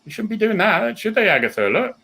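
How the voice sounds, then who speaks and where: A man's voice: high voice, big pitch swings, brisk, creaky, sharp tone, husky, pitched above the performer's own voice, exaggerated voice. A man putting on the voice of a nosy, fussy dog walker who scolds a passing driver. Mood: tutting.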